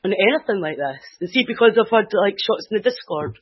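A Scottish man chatting on an internet radio show as a guest, nervous and giggly, talking in quick bursts over a dull lo-fi call. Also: high-pitched, animated, husky. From Scotland. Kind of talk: casual call-in chat.

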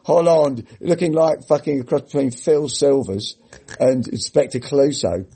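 A man co-hosting a podcast in casual chat, with a mellow, darkish tone and a husky edge to his voice. He talks in a sardonic, mocking way and swears freely. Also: medium pitch, measured pace. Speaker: podcast co-host.

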